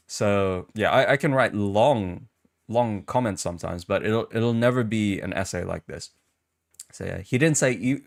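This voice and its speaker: Low-voiced man chatting casually on stream. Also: creaky. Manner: chatty and rambling, reading comments aloud and reacting with amused disbelief. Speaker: VTuber streamer and podcast host. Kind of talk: casual live-stream chat.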